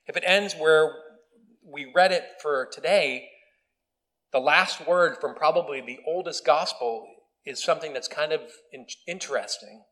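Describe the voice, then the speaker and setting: A pastor giving a conversational video sermon, with casual asides and self-deprecating humor. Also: male voice, fairly high pitch, unhurried, fairly bright tone, rough recording. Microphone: video recording.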